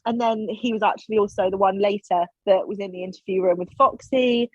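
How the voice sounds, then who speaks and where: Woman guest on a podcast, husky voice, dry dull-ish audio, acts out the quotes. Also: mid-range voice, a little fast, dry recording. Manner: animated, acts out quoted lines. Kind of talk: casual storytelling chat. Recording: slightly dull, dry sound.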